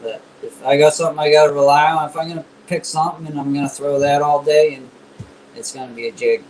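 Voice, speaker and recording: Animated male angler telling fishing stories. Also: fairly high pitch, fast, a little hiss or hum, rough recording. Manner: animated storyteller. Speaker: guest angler. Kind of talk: casual fishing chat.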